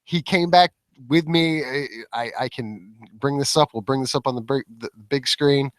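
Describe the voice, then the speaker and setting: A man who is the guest comedian on a talk show, telling stories in a laughing, animated way. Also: medium pitch, normal speed, dry recording. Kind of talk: casual comedic chat.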